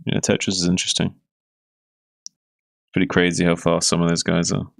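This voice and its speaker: Laid-back male caster with a very deep voice; dry, close mic. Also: monotone, a little fast, vocal fry, no echo. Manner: laid-back, swears casually. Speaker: game caster. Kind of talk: casual chat during a stream.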